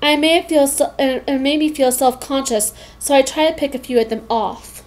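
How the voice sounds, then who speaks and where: A woman reading a children's novel aloud in the first person, lively and expressive, with a few small slips. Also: sits high, fairly quick, a little hiss or hum. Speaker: reader.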